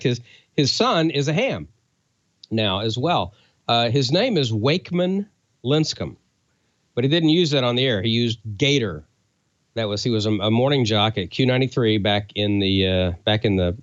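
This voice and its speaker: A man's voice: on the low side, dry recording, muffled recording. A man from Oklahoma, a radio broadcaster and co-host, telling stories in casual chat with lots of fillers. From Oklahoma, USA. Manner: relaxed storytelling with fillers.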